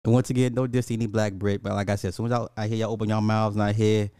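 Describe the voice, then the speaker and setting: A man from Illinois, a podcast host, ranting casually in a profane, laughing, animated way. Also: lowish voice, very fast, clear, resonant tone, dry recording, studio quality. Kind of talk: casual comedic rant.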